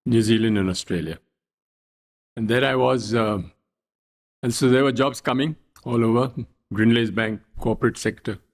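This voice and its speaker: An older man from India, a guest telling wry stories in an unhurried, anecdotal way in an interview. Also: mid-range voice. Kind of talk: storytelling interview.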